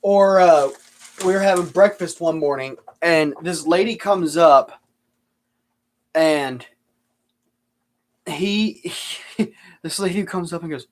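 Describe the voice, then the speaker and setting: A man's voice: a little high, takes it slowly, pauses often. A man chatting casually on a live stream, answering viewer questions and telling rambling, sarcastic stories.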